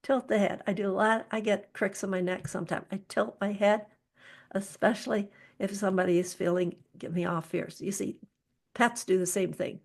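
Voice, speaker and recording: A woman presenting an online workshop over a video call, speaking gently and soothingly, sometimes dropping to a soft whisper. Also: mid-range voice, steady tone, normal speed, creaky.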